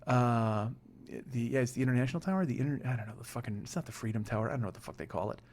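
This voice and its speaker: Fast-talking, profane comedy podcast host. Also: male voice, mid-range voice, darkish tone, slight background noise. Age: 40s. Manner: rambling, profane, self-mocking. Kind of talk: comedic storytelling monologue.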